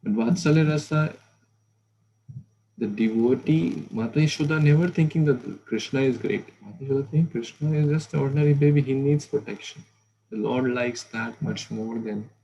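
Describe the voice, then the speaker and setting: A man's voice: medium pitch, warm tone, dull audio, slight background noise. A man giving a conversational scripture class, asking listeners rhetorical questions and murmuring "hmm".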